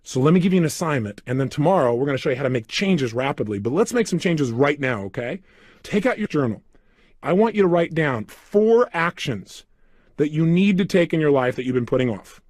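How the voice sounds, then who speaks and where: A man's voice: fairly high pitch, sing-song, fairly quick, darkish tone, dry recording, studio quality. A man coaching listeners through a self-help program, giving emphatic step-by-step instructions. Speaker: motivational coach. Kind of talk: recorded self-help seminar.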